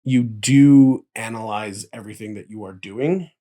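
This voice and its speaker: A man's voice: on the low side, a little slow, warm tone. A man co-hosting a casual chat about tabletop role-playing, explaining at length and checking in with "right?" as he goes. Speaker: podcast co-host.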